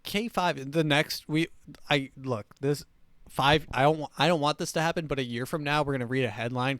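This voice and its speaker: A man's voice: a little high, moderate pace, fairly bright tone, no echo, studio quality. A man hosting a comedy show, reading news items and riffing on them sarcastically. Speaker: show host.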